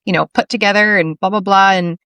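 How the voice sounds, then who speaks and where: Middle-aged female podcast host, earnest storyteller, even mid-range voice, dry studio sound. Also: medium pitch, quick pace, clear, resonant tone, no echo. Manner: earnest, tells stories with quoted dialogue. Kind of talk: casual interview chat.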